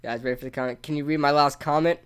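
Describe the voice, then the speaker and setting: A man hosting a casual live sports talk stream, excitable and talking straight to his chat. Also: fairly high pitch, very fast, clear, resonant tone. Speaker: sports talk show host.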